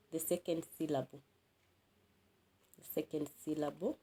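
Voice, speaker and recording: Slow, deliberate woman teaching English. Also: lowish voice, animated, dark tone. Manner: slow, repeats key words and drills them aloud. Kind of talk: classroom lesson on word stress.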